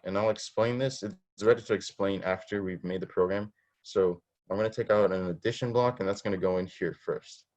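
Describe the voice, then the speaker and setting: A man teaching a robotics class online, explaining step by step, asking students questions and often restarting his sentences. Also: low voice. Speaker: robotics instructor. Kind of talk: online coding lesson.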